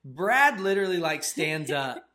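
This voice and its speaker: A man co-hosting a faith channel, telling a story in a casual, animated way with lots of "like" fillers. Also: fairly high pitch, measured pace. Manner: animated, filler-heavy retelling with "like".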